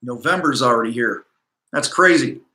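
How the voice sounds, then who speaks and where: A man's voice: mid-range voice, moderate pace, sharp tone, roomy sound. A middle-aged man hosting a livestream coaching talk from his office, blunt, profane and pumped-up. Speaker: host. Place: home office.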